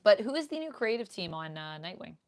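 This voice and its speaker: Very animated and a little fast, this woman's medium-pitched voice belongs to a young streamer. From a room at home, using a desk mic, she runs a casual live Q&A, reading out viewers' comments while she chats with them.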